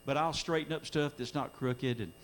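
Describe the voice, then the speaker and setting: A man's voice: fairly high pitch, moderate pace. A middle-aged man preaching a sermon in a church, earnest, his voice swelling when he quotes scripture. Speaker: pastor. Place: church sanctuary during a live-streamed service.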